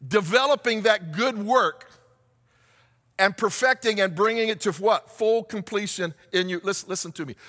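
High, bright-voiced man preaching in a hall. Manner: preaching with rhetorical questions, rising to shouts. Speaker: pastor. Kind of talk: sermon.

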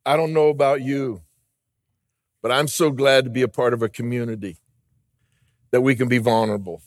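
A man's voice: medium pitch, fairly even intonation, moderate pace, no echo. Earnest pastor man preaching. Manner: earnest, builds to emphatic declarations. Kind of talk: sermon.

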